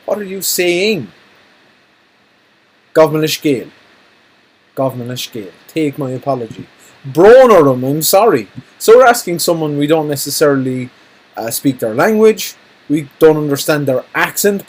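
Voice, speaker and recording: Husky man teaching phrases. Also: a little high, animated, poor audio. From Ireland. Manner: jokey, repeats phrases slowly for learners. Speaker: Irish language teacher. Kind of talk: recorded language lesson.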